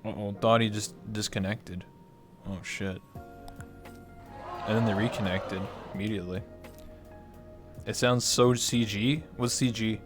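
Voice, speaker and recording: A man's voice: on the low side, steady tone, measured pace, pauses often, soft background music. Rambling, jokey male streamer. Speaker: livestream host. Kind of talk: casual chat.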